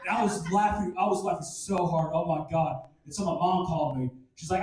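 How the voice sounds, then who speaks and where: Male stand-up, high voice, crude, self-mocking, booming club room from afar. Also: fairly even intonation, brisk, few pauses. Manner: crude, self-deprecating, loud punchlines. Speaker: stand-up comedian. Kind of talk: stand-up comedy set. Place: comedy club stage. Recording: echoey room, distant mic, noisy.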